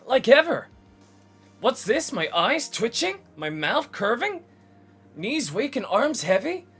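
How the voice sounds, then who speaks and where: A man voicing an excitable young male surfer dude who talks in drawling bro slang, in a game read-along. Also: very high voice, slow, husky, soft background music, voice pushed up, full character voice. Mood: boastful.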